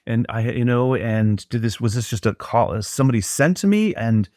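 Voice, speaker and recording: A middle-aged man tells a personal story as a podcast guest. He speaks at a mid pitch, earnest and reflective, and often restarts his sentences. The recording is close and dry. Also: lively intonation, moderate pace, darkish tone, no room sound.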